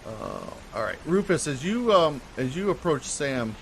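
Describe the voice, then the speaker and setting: A man's voice: mid-range voice, very animated, a little slow, creaky, a little hiss or hum. A man narrating a tabletop game as game master, in a casual, hesitant way with many fillers.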